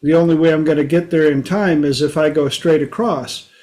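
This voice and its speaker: A man voicing a pushy, smooth-talking male scorpion in a fable, coaxing and wheedling. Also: on the high side, fairly even intonation, a little fast, dark tone, natural voice. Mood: pleading. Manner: wheedling, then shrugging.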